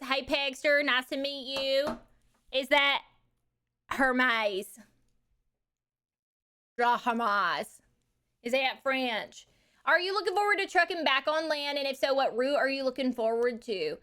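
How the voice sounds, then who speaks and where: A woman's voice: high-pitched, measured pace, pauses often, fairly bright tone. A woman streamer reading chat questions aloud during a live stream.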